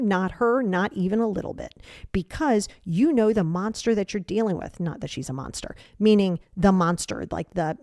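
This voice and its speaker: A woman's voice: medium pitch, darkish tone, dry recording, studio quality. A middle-aged woman hosting a solo podcast, giving blunt, emphatic tough-love advice about emotions as a coach.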